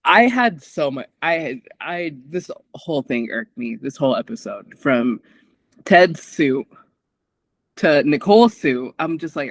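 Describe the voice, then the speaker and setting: A man co-hosting a podcast, animated and sarcastic, acting out quotes in casual recap chat. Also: on the high side, measured pace, no room sound. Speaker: podcast co-host.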